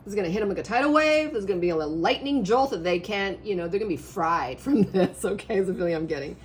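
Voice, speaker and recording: A woman reading tarot cards in a rambling, animated way, her voice a little hoarse, often checking in with the listener. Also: mid-range voice, fast talker, a little hiss or hum. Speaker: tarot reader. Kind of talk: casual spiritual reading to camera.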